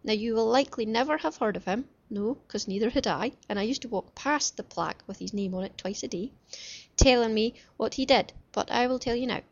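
A woman's voice: a little high, a little fast, vocal fry, dull audio. A woman from Caithness with a Caithness Scottish accent, hosting a chatty solo podcast in a homely, teasing way with Scots words. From Caithness, Scotland. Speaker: podcast host.

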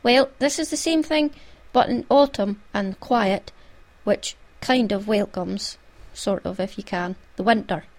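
A Scottish woman hosts her own podcast in a relaxed, chatty way. She talks at an everyday middle pitch and keeps slipping in little asides. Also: a little slow. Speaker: podcast host. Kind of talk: casual podcast chat.

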